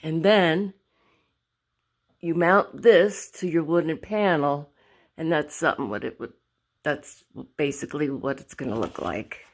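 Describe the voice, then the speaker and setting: A low-pitched woman speaks at a measured pace as she shows her artwork in a home vlog. Moving along a wall, she rambles, gropes for words and corrects herself in this casual show-and-tell.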